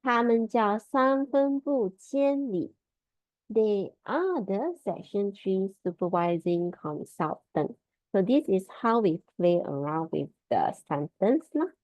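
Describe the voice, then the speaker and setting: A woman teaching a Mandarin lesson over a video call, drilling tones slowly and patiently. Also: medium pitch, animated, no room sound. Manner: slow, patient drilling of tones, repeating words. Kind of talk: online language lesson. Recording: dull lo-fi video call audio.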